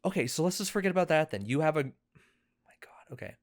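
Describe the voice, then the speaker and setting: Rambling, cursing young man with lively pitch. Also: a little fast, no echo, clean studio sound. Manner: rambling, profane, laughing storyteller who shouts when interrupted. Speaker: podcast co-host. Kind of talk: casual chat.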